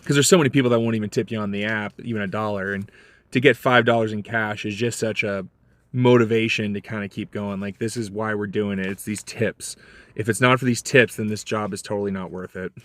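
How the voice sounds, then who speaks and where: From behind the wheel, a man chats about his delivery shifts in a steady, fairly quick, somewhat bright voice on a dry recording. It's a casual vlog monologue full of stories, and he acts out the people he met with large pitch jumps.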